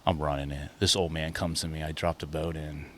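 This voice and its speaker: A man's voice: a bass voice, little pitch movement, a little fast, fairly bright tone. A man on a podcast as a guest, telling rambling, profanity-laced stories in casual chat. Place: lives in Florida.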